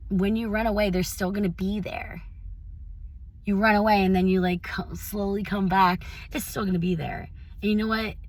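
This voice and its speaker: A young woman giving a casual motivational talk, chatty and full of fillers, swinging between loud hype and soft mutters. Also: on the low side. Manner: chatty, lots of "like" fillers and self-quoting. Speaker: motivational vlogger.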